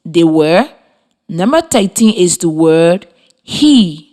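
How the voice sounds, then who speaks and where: This is a scripted radio lesson for children, led by a woman teacher from Liberia. She sounds slow, clear and encouraging, with a lively, rising pitch.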